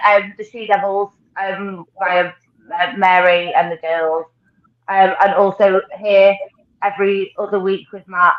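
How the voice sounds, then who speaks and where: Giggly woman on an echoey call. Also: mid-range voice. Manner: giggly, apologetic, rambling. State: crying with laughter. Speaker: panel guest. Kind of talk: casual chat on a live stream. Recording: dull lo-fi call audio in an echoey room.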